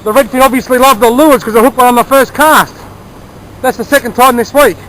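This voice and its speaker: High-voiced fishing vlogger. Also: male voice, fairly quick, a bit bright, slight background noise, low-quality recording. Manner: chatty, enthusiastic, explains gear and tips. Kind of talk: casual outdoor narration. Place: outdoors by a small creek.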